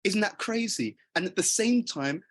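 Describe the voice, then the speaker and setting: Husky-voiced man giving an earnest motivational talk. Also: high voice, expressive, normal speed. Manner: earnest, conversational, poses questions to listeners. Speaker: motivational speaker.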